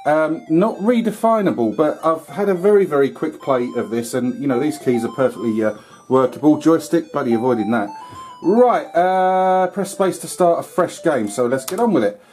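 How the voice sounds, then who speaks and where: A man's voice: on the high side, expressive, normal speed, a little mellow, faint music behind. A man giving casual, rambling commentary while playing an old computer game, with filler words and mild swearing. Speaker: retro gaming YouTuber.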